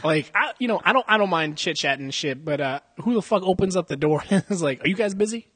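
A young podcast co-host with a somewhat high, husky, slightly bright voice rambles through crude stories, swearing constantly and laughing often, with lively intonation and a fast pace. He's chatting casually at an indoor jiu-jitsu gym, recorded on a podcast mic that sounds close and dry with no room sound.

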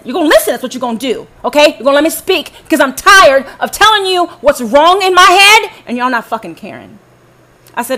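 A woman's voice: on the high side, very animated, a little fast, pushed and bright. Profane, heated woman. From Southern United States. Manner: profane, confrontational, addresses listeners directly. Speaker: podcast host telling her own story. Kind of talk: angry personal monologue.

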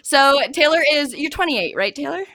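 A woman hosting a podcast, reading the show intro and warmly welcoming her guest. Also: high voice, lively intonation, moderate pace. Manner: upbeat, friendly introduction. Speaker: podcast host.

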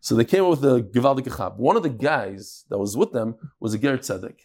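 A man teaching a Talmud class, telling stories and quoting Hebrew and Aramaic terms with lively repetition. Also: mid-range voice, a little fast. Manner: lively, sprinkles Hebrew and Yiddish terms, repeats words. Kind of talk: animated Talmud class with storytelling.

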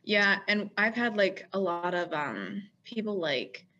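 A woman co-hosting a library podcast who runs a book group, chatting casually with quick, animated reactions. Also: mid-range voice, lo-fi sound. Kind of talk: casual chat.

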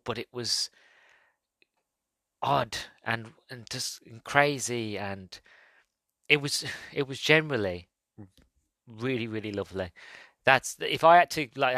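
A man giving a casual video review, excited and halting, often stumbling and repeating himself. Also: medium pitch, no room sound.

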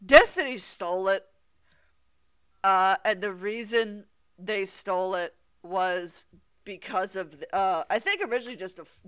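Co-host, unhurried comics talk, smooth clear voice, lots of fillers. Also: mid-range voice, fairly bright tone, dry recording, studio quality. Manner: deliberate, hedging with fillers, quick laughs. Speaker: podcast co-host. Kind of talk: casual comics discussion.

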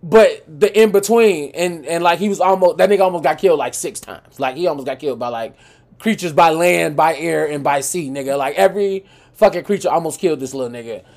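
A man co-hosting a podcast, telling animated stories in casual chat with plenty of profanity. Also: on the high side, a little fast. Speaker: podcast co-host.

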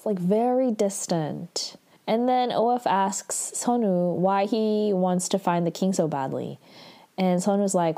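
A young woman talks through a story recap in a loose, chatty way, leaning on "like" and "um" as she goes. Her voice sits mid-range and has a warm, mellow color. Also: mid-range voice, unhurried. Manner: chatty, heavy use of "like" and "um". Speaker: drama recap vlogger. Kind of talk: casual plot recap.

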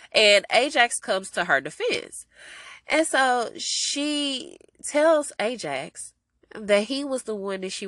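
Recapping a TV episode on her podcast, a chatty woman with a mid-range voice sounds stuffy from a cold. The recording has no room sound, and she's animated and casual, calling her listeners "y'all."

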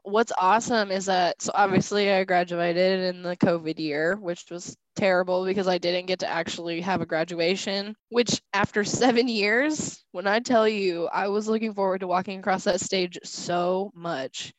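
A woman's voice: mid-range voice, steady tone, normal speed, few pauses, dry recording, low-quality recording. A woman in her twenties, a podcast guest, chatting casually and telling her stories with animation, acting out her own past words. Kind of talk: casual interview chat.

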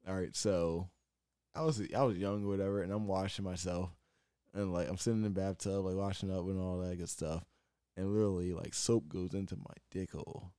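A young man chatting casually, full of laughs and swearing. His voice sits a bit low. It is recorded dry and close, with no room sound around it. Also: a little fast, clean tone, no echo. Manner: animated storyteller, laughs a lot, swears freely. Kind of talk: casual chat.

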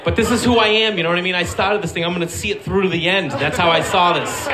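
A man telling a comic story, acting out the voices of the people in it in an animated way. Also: high-pitched, fast, heavy background noise.

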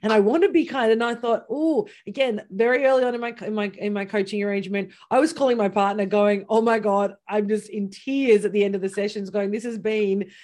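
Animated woman coach acting out quotes. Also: medium pitch, a little fast, hardly any pauses. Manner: animated, acts out quotes, laughs often. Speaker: business coach. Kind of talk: casual chat.

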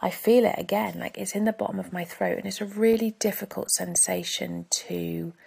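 A woman's voice: medium pitch, steady tone, normal speed, gravelly, dark tone, husky. A woman hosting a podcast, talking candidly in a reflective personal monologue, often dropping to a near-whisper. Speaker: podcast host.

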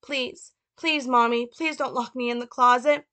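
A woman's voice: on the high side, fairly even intonation, measured pace, fairly bright tone, pitched above the performer's own voice. A woman voicing a frightened little boy who begs his mother not to punish him. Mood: pleading. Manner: pleading, repetitive.

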